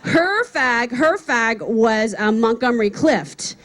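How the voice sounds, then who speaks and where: A woman's voice: a little high, animated, takes it slowly, a bit bright. A woman comedian doing a brash, profane, chatty stand-up set at an outdoor comedy event on a stage microphone.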